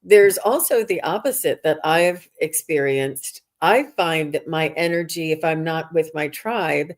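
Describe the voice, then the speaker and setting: Woman host, lowish voice, reflective and halting, casual spiritual chat. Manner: reflective, halting with many restarts.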